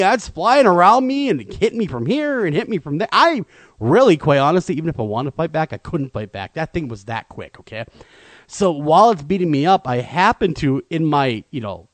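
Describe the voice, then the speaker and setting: A man co-hosting a talk radio show, telling a comedic, self-deprecating story in an animated way. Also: a little high, no room sound.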